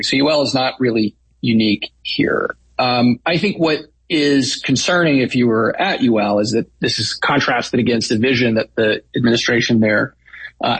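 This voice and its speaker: A man's voice: medium pitch, fairly bright tone, husky, no echo, poor audio. A man who founded a news outlet, giving casual news analysis as a guest with frequent fillers.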